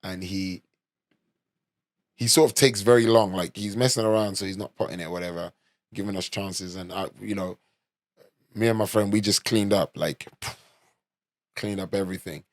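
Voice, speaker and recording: London podcast host, young man, casual profane storyteller, low voice, dry close mic. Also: steady tone, normal speed, long pauses, dry recording. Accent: London English. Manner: loose and swearing, full of "like" and "you know".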